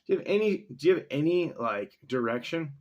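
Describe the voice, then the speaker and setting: A man casually reacting to a text he reads, rambling and sarcastic, swearing freely and filling pauses with ums and likes. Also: fairly high pitch, expressive, a little mellow, dull audio. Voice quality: mustache-wearing man chuckling between remarks. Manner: profane, sarcastic, thinks aloud with many fillers. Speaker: vlogger reading and reacting to a text.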